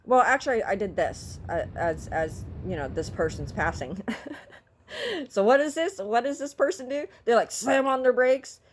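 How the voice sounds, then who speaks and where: A woman's voice: fairly high pitch, animated, moderate pace. A middle-aged woman telling a story in a casual vlog, talking in an exasperated, vocal, ranting way. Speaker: vlogger.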